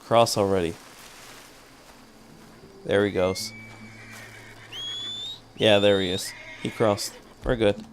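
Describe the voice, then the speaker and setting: A man's voice: fairly low pitch, steady tone, slow, pauses often, slight background noise. A man streaming live gameplay, commentating, swearing a lot and laughing at his own frustration. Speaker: gaming streamer.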